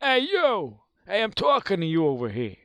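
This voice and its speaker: A man voicing a tough, pushy female fairy who talks like a street hustler, brash and shouting. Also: high-pitched, wildly swooping pitch, normal speed, smooth, no echo, studio quality, pitched above the performer's own voice, full character voice.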